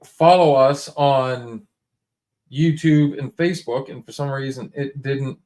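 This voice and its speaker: A man's voice: medium pitch, steady tone, a little slow, a little mellow. A man hosting a casual livestream, talking straight to viewers in a laid-back, rambling way full of restarts and fillers. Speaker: livestream host.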